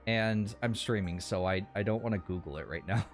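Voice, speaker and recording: A man's voice: lowish voice, fairly quick, faint music behind. A man streaming a game live, chatting casually, laughing and swearing as he plays. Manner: laughs a lot, swears, banters with chat.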